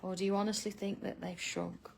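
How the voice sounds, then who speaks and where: A woman's voice: mid-range voice, little pitch movement, brisk, vocal fry, slight background noise. A middle-aged woman hosting a live drawing tutorial, chatting casually with viewers by name and laughing often. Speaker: art tutorial host.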